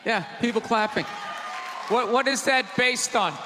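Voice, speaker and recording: A man doing a stand-up comedy set on a theater stage, ranting in a loud, exasperated way. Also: very high voice, a little slow, noisy background. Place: large theater stage with live audience. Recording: live theater recording with long reverb and crowd.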